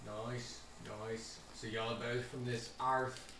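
A man's voice: mid-range voice, flat delivery, slow, far from the mic, noisy background, natural voice. A man voicing a chatty, offbeat alien who rambles off on jokey tangents. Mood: rambling. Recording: very echoey room, voice off-mic.

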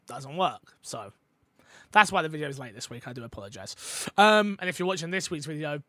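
A man's voice: a little high, a little fast, no echo. A man with a British accent co-hosting a gaming podcast, chatting casually and playfully. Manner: playful, animated, jokes and does voices. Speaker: podcast co-host.

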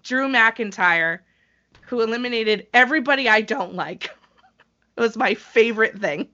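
A bright, excitable woman with a fairly high pitch co-hosts a casual wrestling chat, laughing easily and tossing in animated asides. The recording is a bit dull and lo-fi, though her voice comes through crisp and forward up top.

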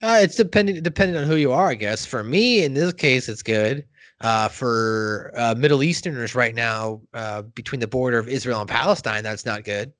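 A man's voice: mid-range voice, moderate pace, fairly bright tone, no room sound. A man hosting a podcast, chatting casually with rambling jokes and crude language. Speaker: podcast host. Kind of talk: casual chat.

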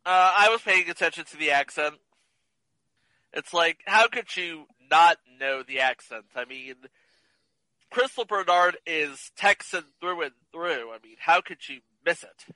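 A man's voice: on the high side, lively intonation, unhurried, pushed and bright, no room sound, low-quality recording. A man co-hosting a casual movie chat podcast, teasing and wry. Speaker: podcast co-host.

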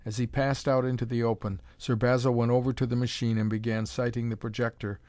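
A man narrating a pulp adventure story in a dramatic, measured reading. His voice sits at an ordinary middle pitch. The recording is close and dry, with no room sound. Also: little pitch movement, a little mellow, no echo.

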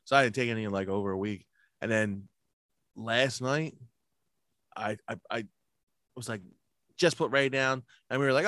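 A man's voice: mid-range voice, normal speed, pauses often, a bit bright, no echo, studio quality. A man chatting casually, telling a rambling story full of swearing. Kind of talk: casual chat.

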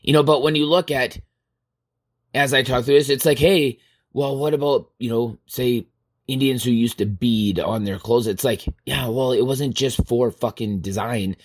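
A man's voice: mid-range voice, normal speed. Profane, rambling male podcast host. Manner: profane, rambling, exasperated storytelling. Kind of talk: casual monologue.

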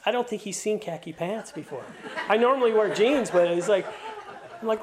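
Male pastor, middle-aged, high pitch; sermon with warm stories and strong calls to finish well. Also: brisk. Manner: storytelling with playful asides; earnest, encouraging exhortation.

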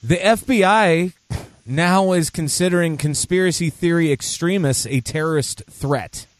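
A man's voice: on the high side, measured pace, no room sound. Joking man on a dry podcast mic. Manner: joking, crude, reads news aloud. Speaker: podcast co-host. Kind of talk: casual podcast chat.

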